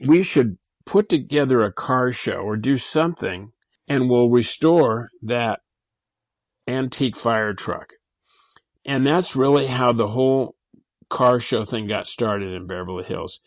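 A man's voice: mid-range voice, no room sound. A man, an interview guest, recalling past events in plain, casual talk with small restarts. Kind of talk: casual recollection.

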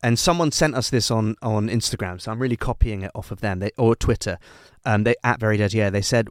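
A man's voice: on the low side, fairly quick, hardly any pauses, no room sound, studio quality. A man co-hosting a casual podcast, rambling through comic bits and swearing often. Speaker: podcast co-host. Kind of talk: casual chat.

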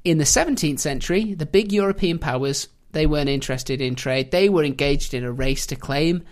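A man's voice: fairly high pitch, fairly quick. A man hosting a podcast, telling history in a casual, jokey way and laughing often. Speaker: podcast host.

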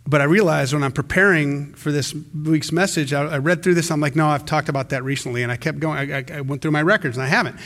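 With a fairly high pitch, a male pastor gives an animated, conversational sermon, repeatedly beginning his sentences again.

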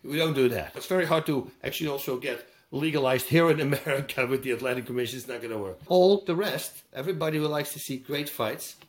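Lively, emphatic man with roots. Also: mid-range voice, fast talker, few pauses. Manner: lively, emphatic, acts out quotes with sound effects. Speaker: guest. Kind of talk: animated storytelling interview.

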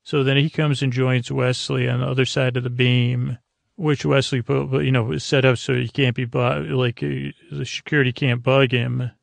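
A man with a deeply gravelly, fry-heavy voice recaps an episode in loose podcast chat. He rambles and restarts often. The sound is dry and close. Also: level tone, moderate pace, dry recording. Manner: rambling, many fillers and restarts. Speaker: podcast host.

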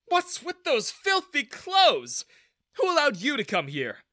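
A man's voice: very high voice, wildly swooping pitch, slow, sharp tone, no echo, studio quality, voice pushed up, heavily acted. A man voicing a rude, condescending male bank manager who mocks people. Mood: annoyed. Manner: mocking, condescending.

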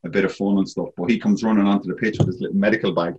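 A very low-voiced Irish man, a former goalkeeper, talks as a guest. He tells his stories in a rambling, casual way and leans on fillers like "you know.". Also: fairly even intonation, racing, dull audio, noisy background. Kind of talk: casual storytelling.

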